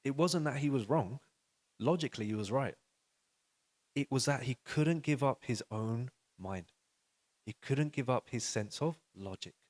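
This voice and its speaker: Animated man telling a story to an audience. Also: mid-range voice, a little slow. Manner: animated storyteller acting out quoted dialogue, asks the audience questions. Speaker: speaker at a religious youth session. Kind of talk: storytelling talk to a live audience. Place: live event with audience.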